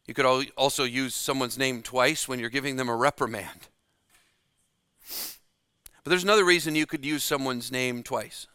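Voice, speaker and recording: A man preaching a sermon, slow and dramatic, dropping to a hush to stress key words. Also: mid-range voice, clean tone, no echo, studio quality.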